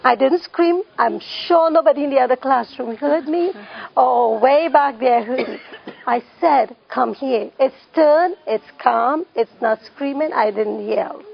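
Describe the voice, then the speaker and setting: Woman instructor, high and gravelly voice, repeats key points, dull lo-fi recording. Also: measured pace. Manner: repeats key phrases, emphatic. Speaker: parenting class instructor. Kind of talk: classroom teaching with questions to the audience.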